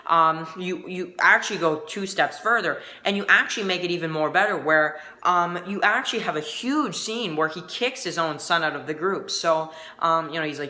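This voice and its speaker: A man's voice: on the high side, pushed and bright, roomy sound. Rambling man reviewing a TV episode. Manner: rambling, halting, full of restarts. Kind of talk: casual spoken review.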